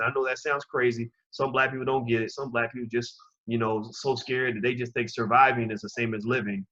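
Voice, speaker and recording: Male commentary host, husky, impassioned preacher-style delivery, muffled lo-fi sound. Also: mid-range voice, little pitch movement, brisk, a bit bright. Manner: impassioned, preaching, direct address to listeners. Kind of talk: opinion commentary.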